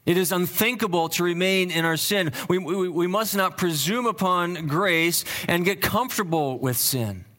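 A male pastor preaching a sermon, teaching earnestly with frequent restarts and fillers, dropping low and slow to stress key points. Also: a bit bright. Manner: drops low and slow for emphasis.

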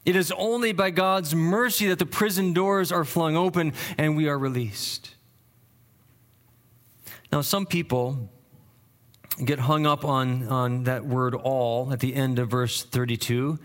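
A man preaches a verse-by-verse sermon in a voice that sits a little higher than most men's. He talks it through earnestly, restarting phrases as he goes, and lifts his voice to stress the points he wants heard. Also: fairly bright tone. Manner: earnest, repeats words as he thinks aloud. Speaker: pastor. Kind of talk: expository sermon.

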